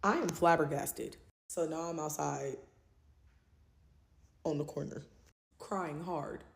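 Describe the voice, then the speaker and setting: A woman casually telling a true story, animated and full of profanity and slang. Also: low voice, slow pace, creaky, echoey room.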